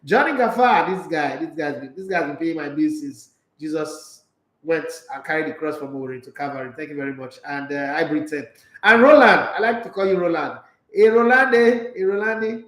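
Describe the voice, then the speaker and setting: Playful, high-voiced Nigerian man. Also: fairly quick, echoey room, low-quality recording. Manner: playful, animated, slipping into Pidgin. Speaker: sports talk show host. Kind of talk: casual live-stream chat reading viewer comments.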